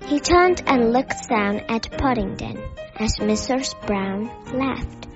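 Slow, measured woman storybook narrator. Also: a little high, animated. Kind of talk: storybook reading. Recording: dull lo-fi audio with faint music.

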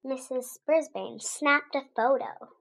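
A woman's voice: sits high, takes it slowly, creaky, a bit bright, rough recording. A woman reading a children's book aloud expressively, adding short asides to her listeners. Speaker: storybook reader.

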